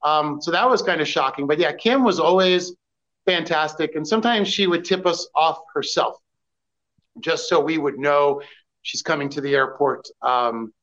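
A man with a slightly raised voice recalls his paparazzi years in a relaxed chat. He keeps stopping and restarting his sentences, and the recording sounds somewhat dull. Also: on the high side. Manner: halting, many fillers and restarts. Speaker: former paparazzi photographer guest. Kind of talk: casual podcast storytelling.

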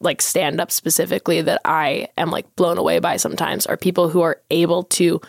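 A young woman from Philadelphia chats as a podcast guest, her voice sitting low. She tells animated stories packed with "like" fillers. The sound is close and dry, with no room around it. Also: brisk, vocal fry, no echo. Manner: animated storyteller, many "like" fillers. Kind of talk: casual podcast chat.

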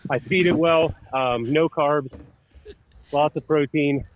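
A man's voice: on the high side, slow, no room sound, lo-fi sound. A man wearing a mic on the field, out of breath and joking about himself. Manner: jokey, self-mocking. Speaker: mic'd-up player. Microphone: wireless mic worn on the field.

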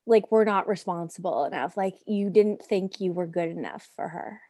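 A woman's voice: fairly low pitch, moderate pace, dry recording. Empathetic woman host in close, dry chat. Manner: warm, empathetic, lots of fillers and restarts. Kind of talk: casual chat.

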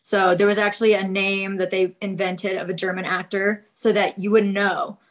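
A woman joining a podcast as a guest comics artist. She chats casually and sounds bubbly, talking quickly and laughing. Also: mid-range voice, little pitch movement. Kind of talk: casual chat.

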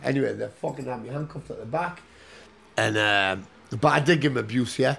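Gravelly man telling a rowdy story. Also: medium pitch, fairly quick, fairly bright tone, a little hiss or hum. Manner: swears constantly, tags lines with "yeah?". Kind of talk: casual profane anecdote.

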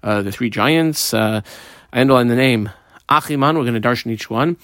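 A man's voice: medium pitch, fairly quick, a bit bright, no room sound, clean studio sound. A man teaching a Talmud class, explaining the text phrase by phrase and mixing Hebrew terms into English.

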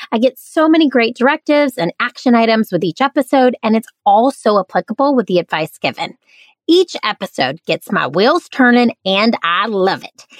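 A woman's voice: on the high side, no echo. Upbeat woman with a nasal twang. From American South and Midwest. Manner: upbeat and playful. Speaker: podcast host. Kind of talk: podcast intro and host talk.

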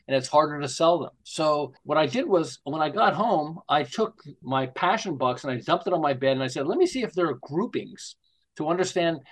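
A man in his sixties from Montreal, an author answering interview questions with lively stories and acted-out voices. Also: on the high side. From Canada, Montreal. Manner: animated storyteller acting out quoted voices. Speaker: guest author.

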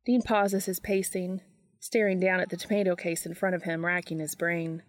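A woman's voice: on the low side, little pitch movement, moderate pace, no room sound. Woman narrating a fan audiobook.

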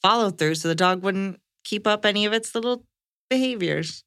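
A woman's voice: mid-range voice, moderate pace, fairly bright tone, no room sound, studio quality. A woman co-hosting a podcast, chatting casually and agreeing along. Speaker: podcast co-host.

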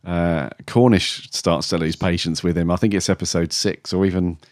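A man's voice: low voice, fairly even intonation, normal speed, no room sound, studio quality. A man co-hosting a casual fan podcast. He rambles, chuckles and trails off mid-sentence. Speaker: podcast co-host.

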